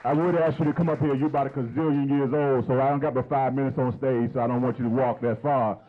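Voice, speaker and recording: A man's voice: mid-range voice, fairly even intonation, fast, narrow, tinny audio, slight background noise. A man in his fifties doing a stand-up comedy set on stage, chatty and teasing the crowd with questions. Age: 50s.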